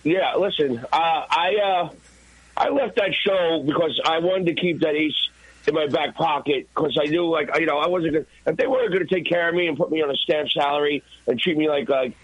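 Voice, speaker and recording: A man, a guest and former radio intern, telling an animated, profane story in a podcast interview. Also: a little high, brisk, breathy edge, no echo, dull audio. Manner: profane, excited, acts out his own shouts.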